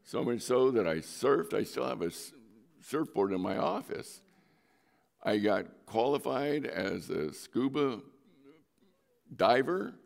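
A man's voice: mid-range voice, expressive, slow, creaky, pauses often, a little mellow. A middle-aged male pastor giving a sermon in a conversational storytelling way, with sudden emphatic rises in his voice.

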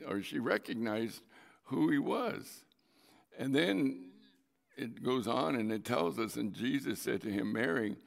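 A man's voice: fairly low pitch, gravelly, in a large hall. A man preaching a sermon, reading scripture aloud and explaining it in a conversational way, with dramatic readings of the quoted lines.

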